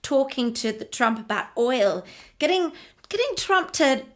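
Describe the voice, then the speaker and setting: A woman hosts a comedic interview in a high voice. She gushes and flatters her guest. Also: unhurried. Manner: gushing, flattering. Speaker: host.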